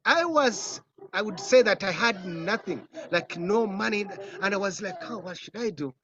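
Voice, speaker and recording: A man with a Ugandan accent, a film director, telling lively stories in an interview and acting out other people's voices. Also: high voice, moderate pace. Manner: animated storytelling, acts out voices, laughs often. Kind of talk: casual interview answers. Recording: dull, muffled audio.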